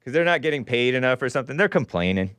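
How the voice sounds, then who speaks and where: A man in his forties hosting a call-in show, giving rambling, sarcastic, animated political commentary. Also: mid-range voice, very fast, clear, resonant tone, no room sound. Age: 40s.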